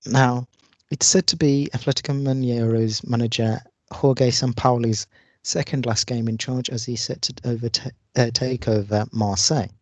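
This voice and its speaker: A man's voice: medium pitch, steady tone, moderate pace, no echo. A man co-hosting a football podcast, running through the news with lots of hesitant "uh" fillers. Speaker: podcast co-host.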